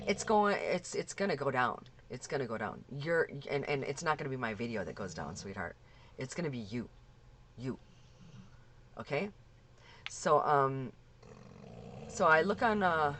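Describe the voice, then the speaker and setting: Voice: medium pitch, fairly bright tone, slight background noise. A vlogger ranting angrily to camera at a scammer, cursing, repeating and restarting sentences. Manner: profane, heated, repeats and restarts. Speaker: scam victim vlogger. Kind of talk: angry rant to camera.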